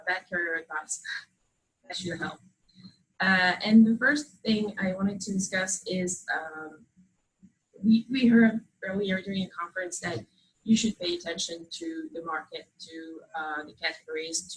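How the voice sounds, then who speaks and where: A native French speaker from France with a strong accent, this woman author gives an informal talk to a live audience in an event hall. She is hesitant, pausing often, but shows wry humor. Her voice sits on the low side, and the recording is rough.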